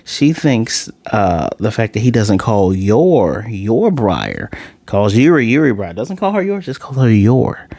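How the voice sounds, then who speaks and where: A man giving a casual, animated episode review, ranting and acting out the characters' lines as he goes. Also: on the low side, unhurried, dry recording, studio quality. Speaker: anime reviewer.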